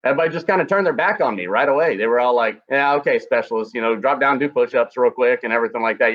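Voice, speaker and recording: The lo-fi recording captures a medium-pitched man speaking at a quick pace. An ex-combat medic, he casually spins crude tales from the army, acting out each quoted person with lively delivery.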